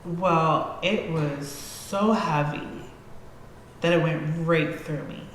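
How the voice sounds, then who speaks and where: A woman guest on a podcast telling a story casually, animated and swearing freely as she acts out scenes. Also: low voice, slow pace. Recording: echoey hall-like room with faint noise.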